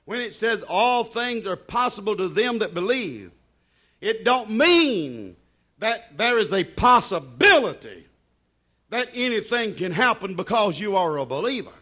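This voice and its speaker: A man delivers a sermon in an emphatic, repetitive rhythm, sinking to hushed asides and then climbing to shouted declarations. His voice sits high, and he is very animated yet unhurried.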